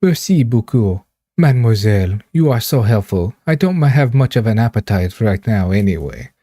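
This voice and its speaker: A man's voice: lowish voice, big pitch swings, normal speed, mellow, dry recording, clean studio sound. A man voicing a haughty older woman with a put-on Russian-tinged accent, formal and cold. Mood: polite.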